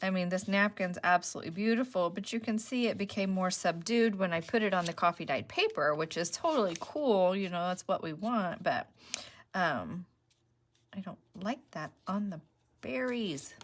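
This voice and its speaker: A woman's voice: lowish voice, lively intonation, moderate pace, a little hiss or hum. A woman hosting a casual craft tutorial, chatting and explaining each step as she works. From Northeast Ohio. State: emotional, voice dropping low. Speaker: crafting channel host.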